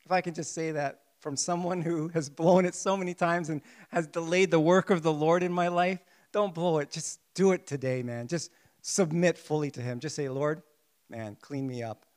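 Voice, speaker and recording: A male pastor with a high voice delivers an impassioned sermon. He acts out heartfelt prayers and swings from hushed pleading to loud, emphatic bursts. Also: fairly even intonation, moderate pace.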